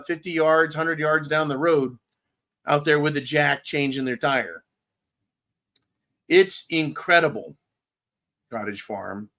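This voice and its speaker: A man ranting bluntly through a casual live-stream monologue, his voice sitting a bit high for a man. He swears freely and slurs a little now and then, tongue-tied after a couple of drinks. He talks straight to his viewers like a show host. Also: a bit bright. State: slightly tipsy, tongue-tied. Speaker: livestream host.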